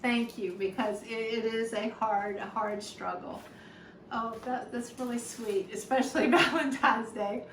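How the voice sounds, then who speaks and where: A woman's voice: on the high side, steady tone, unhurried, fairly bright tone. A woman chatting casually while unboxing a gift, gushing, gasping and exclaiming as she goes, teary and sniffling at times. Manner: gushing, gasps and exclaims often. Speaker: YouTube unboxing vlogger. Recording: roomy sound, distant mic, faint background noise.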